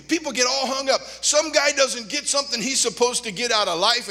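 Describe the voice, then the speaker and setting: An older man preaching a sermon as a pastor, animated and joking, with sudden loud outbursts. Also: sits high. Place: church sanctuary. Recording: long hall reverb.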